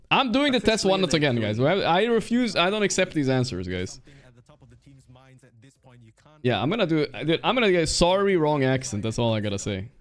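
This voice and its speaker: A young man with a Swedish accent, casually commentating and chatting on his stream, swearing freely and joking at his own expense. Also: medium pitch. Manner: swears a lot, casual slang, laughs at himself.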